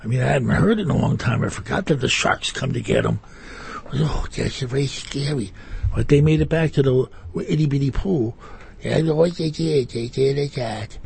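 A man co-hosts a live radio show from the studio, and his voice is thick with gravel and rasp. He rambles playfully, trailing off into fillers and then restarting. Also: mid-range voice, moderate pace, darkish tone. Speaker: radio co-host. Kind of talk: casual on-air chat.

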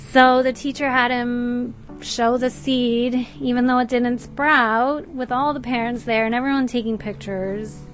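A woman who teaches music, reading a story aloud and reflecting on it in a slow, thoughtful way with pauses. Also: a little high, poor audio.

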